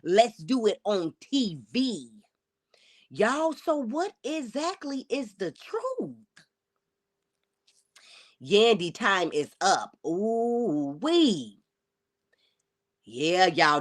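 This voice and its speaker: Female livestream host, casual reaction commentary, animated swooping delivery, talks right to chat. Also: mid-range voice. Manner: chatty and exclamatory, addresses viewers directly.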